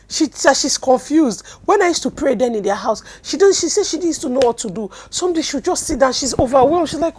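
A Nigerian woman teaching a sermon, animated storytelling that swings from loud bursts to hushed words, speaking into a mic at a desk. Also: sits high, fast talker, hardly any pauses. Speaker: apostle and teacher.

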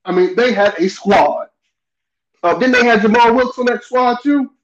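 A man who is a guest on a sports podcast, chatting in an animated way and often laughing. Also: very high voice, normal speed. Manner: animated, laughing, throws questions back to the host. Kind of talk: casual sports debate. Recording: dull echoey remote line.

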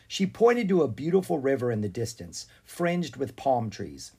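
A narrator reading a children's storybook aloud in an animated, expressive way. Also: medium pitch, normal speed, few pauses, husky.

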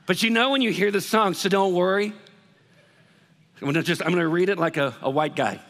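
A high-voiced man preaches to his congregation, chatty and animated, now and then slipping into worried voices. His voice rings through the long reverb of a big church hall. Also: brisk. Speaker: pastor. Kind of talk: sermon.

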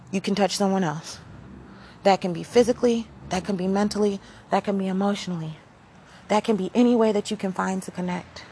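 A woman hosting her own podcast in a rambling, preachy motivational monologue that swings between loud and hushed. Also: mid-range voice, a little hiss or hum. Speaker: podcast host.

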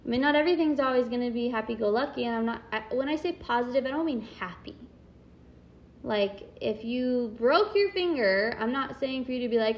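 A woman's voice: fairly high pitch, brisk, dull audio. A young adult woman speaking candidly and reflectively as a parent, in a casual monologue full of "like" fillers. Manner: candid, self-reflective, chatty with many "like" fillers.

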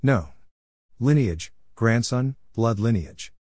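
A man voicing a wise, cryptic old grandfather spirit who speaks in a calm, teaching tone. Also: mid-range voice, takes it slowly, no echo, clean studio sound. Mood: patient, teaching.

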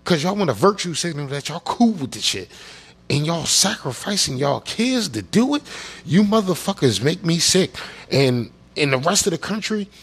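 A man's voice: a little high, big pitch swings, normal speed, a bit bright, husky. A man hosting his own show, ranting angrily with constant swearing and repeated phrases. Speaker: show host. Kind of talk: profane political rant.

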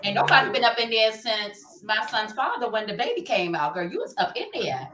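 A woman's voice: a little high, fairly quick, roomy sound, slight background noise, poor audio. A woman co-hosting a podcast, telling a playful story in casual chat. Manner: expressive, playful, laughs while telling. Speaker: podcast co-host.

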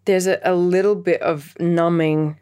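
A woman's voice: on the low side, steady tone, measured pace, warm tone, smooth. A woman musician answering interview questions, thoughtful and reflective with wry laughs. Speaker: musician guest.

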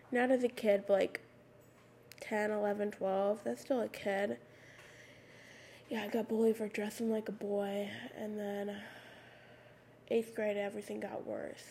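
A teenage girl hosting her own podcast, raspy with a slight lisp on her s sounds, rambling casually with lots of "like" fillers into a USB microphone. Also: mid-range voice, a little mellow, a little hiss or hum. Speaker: podcast host. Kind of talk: casual solo podcast talk. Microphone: USB microphone at a computer.

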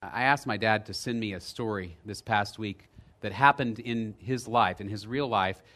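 A man preaching a sermon as pastor, telling a story with lively energy, dropping low and quiet for emphasis and rising loud in the retelling. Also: normal speed. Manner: lively storytelling, checks in with "right?".

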